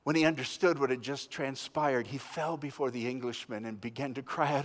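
Dramatic preacher in a reverberant church. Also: male voice, medium pitch, fairly even intonation, brisk, few pauses. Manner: dramatic storytelling, swinging between loud and hushed. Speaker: pastor. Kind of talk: sermon.

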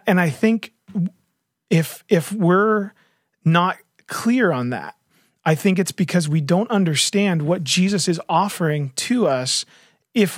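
A man with a high-pitched, slightly breathy voice talks earnestly in a casual faith discussion. He retells a story with lots of fillers and restarts, and the sound is clean studio quality with no echo.

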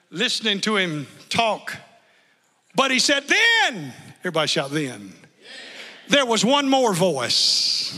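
Male preacher, very high and sharp-toned, impassioned shouting delivery, church hall reverb. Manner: impassioned, shouting, repetitive calls for praise. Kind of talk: fervent sermon.

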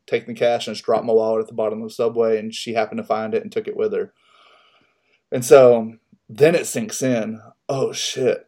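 A man's voice: on the low side, warm tone. A man co-hosting a podcast, telling a story in a loose, profane, casual way and laughing at himself. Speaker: podcast co-host.

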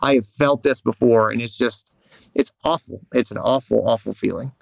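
A man's voice: medium pitch, moderate pace, vocal fry, no echo. Candid male podcast host, dry mic. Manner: candid, rambling, lively storytelling with acted quotes. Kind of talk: casual podcast chat.

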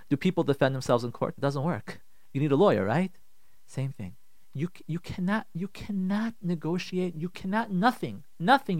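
A man giving marriage advice on a talk radio show, animated and repetitive, acting out people's inner voices. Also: sits high, no echo, studio quality.

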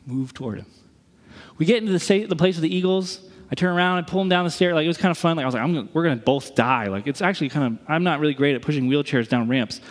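A pastor from the East Coast preaching a sermon, telling a story with jokes and acted-out quotes, then praying. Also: male voice, a little high, very fast, long reverb tail. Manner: animated, acts out quotes, jokey then earnest. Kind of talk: sermon with storytelling and closing prayer.

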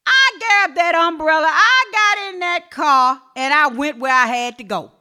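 High bright-voiced preaching woman pastor. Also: animated, a little slow. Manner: preaching with swings between soft storytelling and shouted exhortation. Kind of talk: sermon.

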